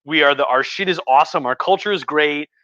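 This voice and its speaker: This history lecturer talks fast in a slightly high, bright, forceful voice, captured without echo and with the highs cut off. He's sipping wine during a casual live-stream rant, rambling, cursing freely and acting out mock voices.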